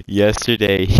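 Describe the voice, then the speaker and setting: A man gaming with a friend, talking slowly with a lively, bouncing pitch. His voice is dry and close on a headset mic, and he laughs through his jokes and swears freely. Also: gravelly, dry recording, rough recording. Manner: giggly, joking, profane. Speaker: gamer. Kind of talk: casual chat while gaming.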